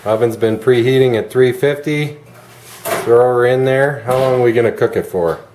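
A man hosts a casual cooking demo, bantering with jokes and poking fun at himself. His mid-range voice is a little mellow, at a moderate pace. The room is echoey with light noise.

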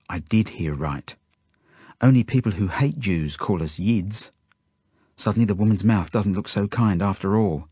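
Author-narrator, male, low husky voice, earnest first-person storytelling. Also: moderate pace, dark tone, no room sound, studio quality. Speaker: author reading his book. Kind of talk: audiobook narration.

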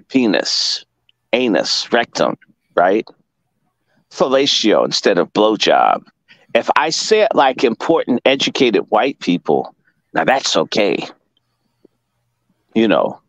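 A man's voice: lowish voice, no room sound, low-quality recording. A man from Washington, D.C., a guest commentator lecturing in emphatic, profane casual talk.

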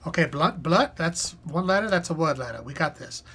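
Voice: medium pitch, lively intonation, a little fast, fairly bright tone, slightly rough. A live-stream host chatting casually and reading puzzle clues aloud as they think, with lots of fillers. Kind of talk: casual live-stream commentary while solving a crossword.

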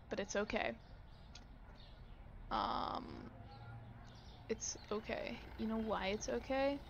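A woman's voice: on the high side, slow, long pauses, muffled recording, a little hiss or hum. A young woman giving casual gameplay commentary, sarcastic and exasperated, griping at customers and dropping into mutters. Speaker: gaming YouTuber.

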